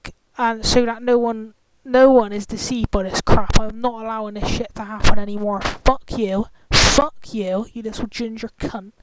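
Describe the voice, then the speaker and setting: A woman's voice: fairly high pitch, fairly even intonation, moderate pace. A woman ranting in an angry, profane, confrontational vlog commentary. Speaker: vlogger. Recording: clicky, glitchy, noisy screen-recorder audio.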